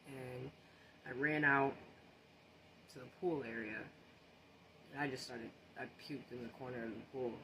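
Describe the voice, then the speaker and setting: A man's voice: mid-range voice, fairly even intonation, measured pace, pauses often, noisy background. Man casually telling a story, rambling. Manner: rambling, full of fillers and restarts.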